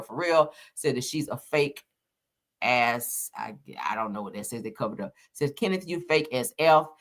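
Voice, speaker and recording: A woman commentating on celebrity gossip, reading out text messages haltingly with many fillers and casual slang asides. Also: extremely low pitch, fairly bright tone.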